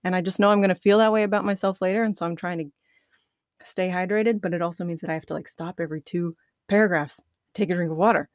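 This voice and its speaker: This woman speaks fast in a lowish, steady voice, with no echo on the computer studio microphone. Recording podcast outtakes, she's jittery and dry-mouthed, giggling at her own slips, teasing herself and starting her lines over repeatedly.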